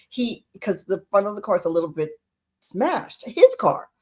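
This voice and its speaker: A woman's voice: medium pitch, sing-song, moderate pace. Woman co-host, chatty storyteller who acts out each quoted line. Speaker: podcast co-host. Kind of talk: casual storytelling chat.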